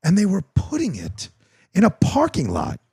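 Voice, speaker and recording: Gravelly, animated podcast host man. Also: high-pitched, normal speed, dry recording. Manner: animated storytelling, laughs while talking. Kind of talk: casual chat.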